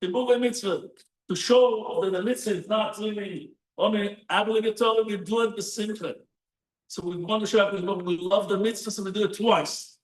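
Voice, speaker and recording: A man, a rabbi, giving a sermon with animated storytelling and lots of rhetorical questions, recorded in a synagogue hall. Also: high voice, normal speed. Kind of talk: Torah sermon. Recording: roomy echo, distant mic.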